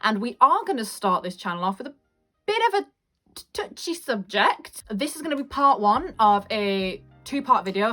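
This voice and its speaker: A woman's voice: medium pitch, fairly bright tone. Candid young woman vlogging. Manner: frank, earnest and emphatic, repeats phrases for stress. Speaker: YouTube host. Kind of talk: candid personal vlog talk.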